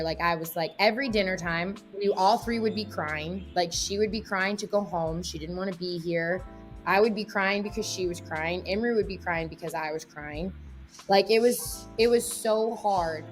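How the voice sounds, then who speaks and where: A woman's voice: lowish voice, moderate pace, soft background music. A woman guest talking candidly in an interview, emotional and rambling, with many fillers. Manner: emotional, rambling, heavy use of "like" and "you know". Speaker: guest, athlete and mother.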